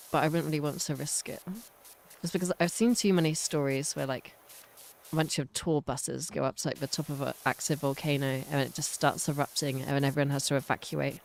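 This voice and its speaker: A woman's voice: low voice, poor audio. A woman chatting casually on a game live stream, rambling and self-mocking.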